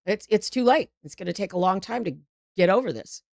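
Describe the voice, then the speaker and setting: A woman's voice: medium pitch, expressive, fairly quick, creaky, darkish tone, dry recording, studio quality. A middle-aged woman hosting a live political show, talking in a heated, rambling way with frequent restarts.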